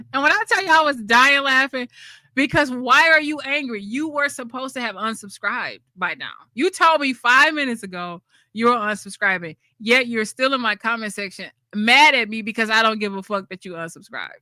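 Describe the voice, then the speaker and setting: A woman's voice: a little high, animated, moderate pace, sharp tone, dry recording. Woman doing a casual livestream, blunt and laughy, dry close sound. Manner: blunt, laughing often, with slang. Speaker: channel host.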